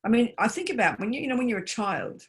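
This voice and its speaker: A woman's voice: fairly high pitch, sing-song, fast. A woman Buddhist nun giving an online teaching talk over a video call, emphatic and direct, speaking personally to her listeners.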